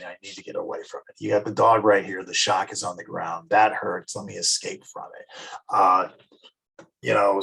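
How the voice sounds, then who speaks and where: A man's voice: on the low side, vocal fry, a bit bright, husky, low-quality recording. A male psychology teacher giving a casual classroom lecture, often acting out everyday examples. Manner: casual, anecdotal, acts out examples.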